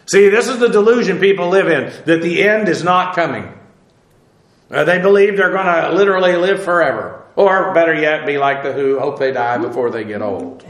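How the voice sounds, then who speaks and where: A man teaching the Bible verse by verse, halting with many "uh"s as he spells out Hebrew words, then pressing his points emphatically. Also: sits high, echoey room. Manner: emphatic, preacherly warnings.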